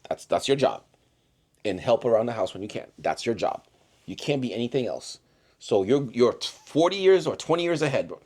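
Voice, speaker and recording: A man's voice: medium pitch, sing-song, fairly quick, a little mellow. A father in a casual podcast chat, animatedly telling stories about his kids and acting out their voices. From the islands. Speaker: single father guest.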